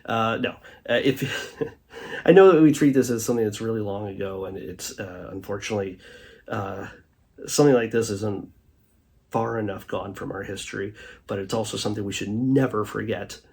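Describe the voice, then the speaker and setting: A man hosting a casual commentary show, rambling with many fillers and restarts, often trailing off quietly at the end of a thought. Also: on the low side, normal speed, gravelly, slightly rough. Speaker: host reviewing a streaming documentary.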